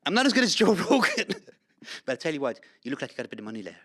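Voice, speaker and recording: A man putting on an Irish accent to play a cheeky pub hustler pitching a podcast. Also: huge pitch swings, rapid-fire, fairly bright tone, heavily acted. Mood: wheedling. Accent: Irish (put on). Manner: pushy, jokey sales patter.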